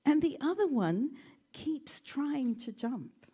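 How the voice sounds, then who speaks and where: A woman giving a gentle, reflective talk and telling a story, with self-deprecating humor. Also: high-pitched, expressive, slow pace.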